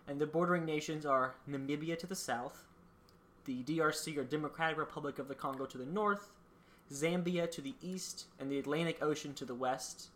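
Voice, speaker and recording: A woman's voice: sits low, a bit bright. A woman co-hosting a casual podcast, reading out facts with dry jokes and frequent ums. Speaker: podcast co-host presenting country facts.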